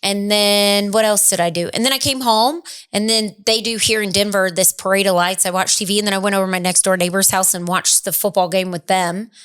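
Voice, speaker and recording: A woman's voice: medium pitch, steady tone, brisk, few pauses, fairly bright tone, smooth. A middle-aged woman co-hosting a podcast, recounting her days in a chatty, rambling way. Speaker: podcast co-host. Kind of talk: casual chat.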